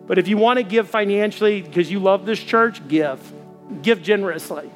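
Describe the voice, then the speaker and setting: High-voiced pastor preaching over soft music. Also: male voice, moderate pace. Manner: animated storytelling, acting out dialogue. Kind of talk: sermon. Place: church.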